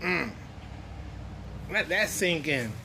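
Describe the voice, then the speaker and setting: This is a man hosting a music reaction video. His voice sits a little on the high side for a man. He talks in a casual, excited and earnest way, chatty and full of stories. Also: drawn-out words, gravelly, background noise. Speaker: music reaction channel host.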